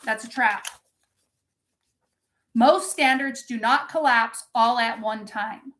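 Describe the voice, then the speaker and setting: A woman's voice: a little high, slow pace, a bit bright. A woman coaching her viewers in a live-streamed pep talk, intense and full of swearing, stopping to answer the chat. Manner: intense, profane, impassioned. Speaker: motivational coach.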